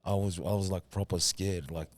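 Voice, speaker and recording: A soft-spoken young man from New Zealand, telling stories in a relaxed, casual way as an interview guest. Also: low voice, normal speed, no room sound. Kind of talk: casual storytelling.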